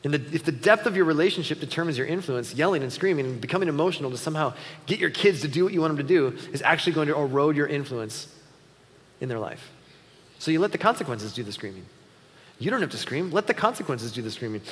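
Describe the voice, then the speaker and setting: A man's voice: on the high side, animated, fast talker, a bit bright. A pastor giving a casual, earnest sermon on parenting, talking to his listeners conversationally and poking fun at himself. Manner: earnest, conversational, self-deprecating. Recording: long hall reverb.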